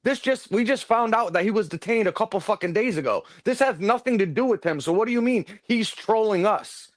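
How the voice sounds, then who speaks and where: A man hosting a livestream, ranting fast and heatedly with lots of swearing in casual chat from his home computer room. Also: high-pitched, expressive. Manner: rapid, profane ranting. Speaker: livestream host.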